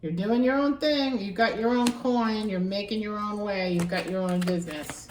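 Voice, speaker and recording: A woman giving a casual tarot reading, musing aloud and repeating phrases with animated excitement. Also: medium pitch, moderate pace, far from the mic, a little hiss or hum. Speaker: tarot reader. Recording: echoey room, voice from off-mic.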